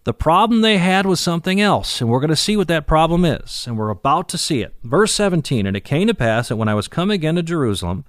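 A man's voice: a little high, big pitch swings, fast, hardly any pauses, dry recording. Man, bible teacher, conversational verse-by-verse teaching, stresses key words, dry close recording. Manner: conversational, with fillers and restarts, leans into key words.

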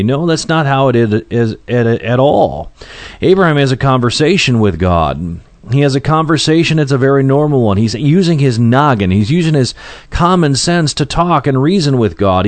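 A man's voice: mid-range voice, no room sound. A man preaching a conversational Bible teaching, plain-spoken, with frequent fillers and restarts.

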